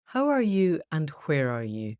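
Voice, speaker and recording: A woman's voice: low voice, sing-song, unhurried, darkish tone, dry recording, studio quality. A woman hosting a podcast, interviewing her guest in a friendly, teasing way. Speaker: podcast host. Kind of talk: casual interview chat.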